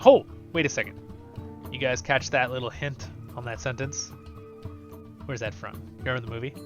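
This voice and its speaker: A man's voice: mid-range voice, steady tone, normal speed, pauses often, muffled recording, faint music behind. A man hosting a game playthrough, chatty and laughing at himself while commenting. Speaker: let's play host. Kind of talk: casual gameplay commentary.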